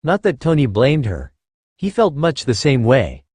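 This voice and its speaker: A man narrating a fan fiction story in a steady reading voice. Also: mid-range voice, a little slow, husky, no echo.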